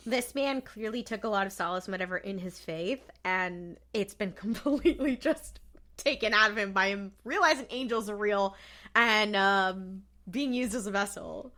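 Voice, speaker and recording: A woman's voice: mid-range voice, normal speed, pushed and bright. A woman podcast co-host chatting casually, loosely commenting with fillers and ready laughter. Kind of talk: casual chat.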